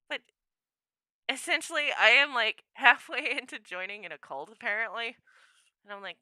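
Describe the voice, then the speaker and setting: Young woman streamer rambling at her desk, high voice, super lively, laughs a lot. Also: moderate pace, dry recording, studio quality. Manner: chatty, laughing often, acting out her own quotes. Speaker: livestreamer. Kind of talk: casual livestream chat. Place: home room.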